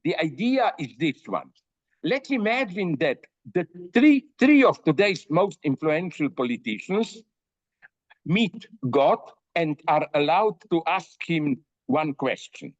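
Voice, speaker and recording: An older man, a philosopher guest, talks emphatically in an animated interview, telling jokes amid many fillers and restarts. His fairly high voice is sing-song and slow, and the audio is dull, dry, and free of echo.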